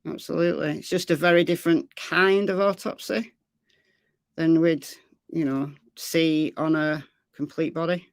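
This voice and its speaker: A woman's voice: sits low, fairly even intonation, moderate pace, no echo. Woman host with a Lancashire accent, chatty and repetitive, dry close-mic sound. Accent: Lancashire English. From Lancashire, England. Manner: chatty, repeats phrases, reads chat aloud. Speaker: true crime livestream host. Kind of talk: casual livestream chat answering viewers.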